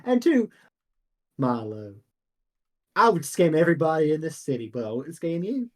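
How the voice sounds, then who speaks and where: A man's voice: fairly high pitch, sing-song, moderate pace. A man playing a folksy halfling shopkeeper. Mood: sly. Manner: folksy, jovial, calls people lad and my boy. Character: chatty male halfling shopkeeper, sly.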